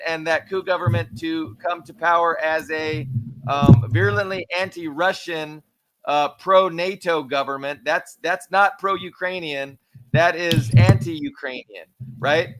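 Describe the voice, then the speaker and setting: A man's voice: high-pitched, pushed and bright. A man ranting heatedly as a guest on a political podcast, swearing freely and often repeating himself. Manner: heated, profane, repetitive.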